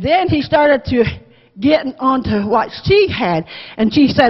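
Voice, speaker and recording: A woman teaching a Bible lesson to a Sunday school class, lively, acting out the quotes and asking the class questions. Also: high-pitched, unhurried, breathy edge. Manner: animated, acts out quotes, asks class questions. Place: church classroom. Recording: dull lo-fi with long church reverb.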